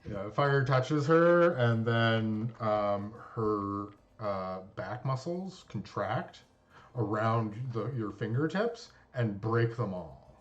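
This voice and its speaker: A man narrating a tabletop game as game master, unhurried, with many filler pauses. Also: on the low side, animated, lo-fi sound, slight background noise.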